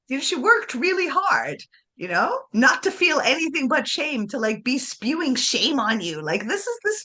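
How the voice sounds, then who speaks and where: Animated bright-voiced woman. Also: sits high, normal speed. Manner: animated, laughs often, acts out voices. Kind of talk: casual spiritual chat.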